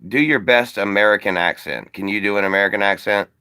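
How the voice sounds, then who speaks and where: Bright-voiced joking livestream host. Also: male voice, lowish voice, fast, clear, resonant tone. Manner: blunt, joking, swears freely. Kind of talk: casual profane livestream chat.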